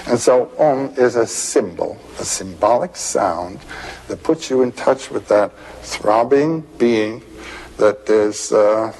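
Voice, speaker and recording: An older man talks in an unhurried, husky voice that sits a little low. He muses aloud as an interview guest and now and then draws out chanted vowel sounds. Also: darkish tone, poor audio. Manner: slow and musing, intoning vowel sounds. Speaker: interview guest, mythology scholar. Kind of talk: reflective interview talk.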